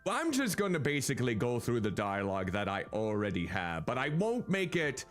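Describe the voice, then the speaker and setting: A man's voice: mid-range voice, huge pitch swings, fairly quick, soft background music. A man hosting a game stream in casual chat, playful, sometimes babbling mock game dialogue. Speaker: streamer host.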